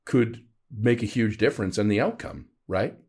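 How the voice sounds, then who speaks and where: A man in his forties, hosting a podcast and telling a story in a casual chat. He is animated and uses self-deprecating humor. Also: fairly low pitch, moderate pace, slightly rough. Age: 40s. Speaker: podcast host.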